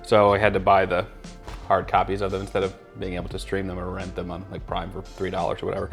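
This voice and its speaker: Low-voiced man hosting a movie reaction. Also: monotone, fast, vocal fry, faint music behind. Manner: playful, teasing banter. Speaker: host of a movie reaction channel. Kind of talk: casual chat.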